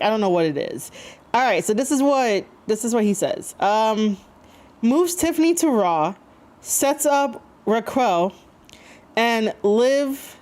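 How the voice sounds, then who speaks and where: A woman's voice: on the high side, darkish tone. A woman streaming live, chatting casually to her viewers with many fillers, rambling and reading chat messages aloud. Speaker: streamer reacting to wrestling.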